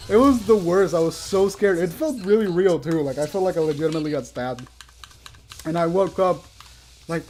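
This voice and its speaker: A man's voice: fairly high pitch, normal speed, slight background noise. Laughing, swearing man. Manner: swears a lot, laughs often. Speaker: Let's Play co-host. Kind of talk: casual chat while gaming.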